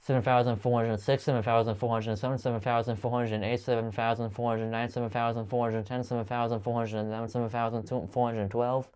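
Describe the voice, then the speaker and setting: Dude counting numbers super fast, stumbles a lot, clean smooth voice. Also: male voice, mid-range voice. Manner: rapid steady counting with frequent stumbles and restarts. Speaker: channel host counting aloud. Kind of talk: long monotone counting video.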